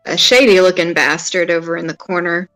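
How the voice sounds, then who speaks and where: A man player describing his character's actions in a relaxed way. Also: on the high side, fairly quick, faint music behind, low-quality recording.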